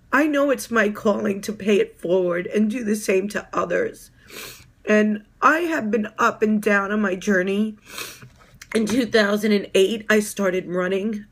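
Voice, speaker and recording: A woman in her fifties giving a heartfelt personal testimonial as a fitness coach, halting often with filler ums. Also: mid-range voice. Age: 50s.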